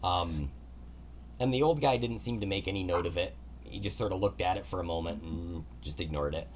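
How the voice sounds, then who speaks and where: A man's voice: low-pitched, a little fast, slight background noise. A man narrating as game master of a tabletop game in a casual, descriptive way.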